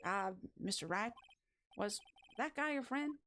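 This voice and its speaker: A woman voicing an eager, excitable young female sidekick in a game, raising her pitch and chirping her lines. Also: unhurried, faint music behind. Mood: teasing.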